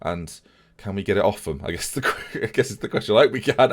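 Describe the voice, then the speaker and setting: Excitable young man commentating a game. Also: on the low side, fast. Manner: excitable, swings from fretting to shouting. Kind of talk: video game let's play commentary.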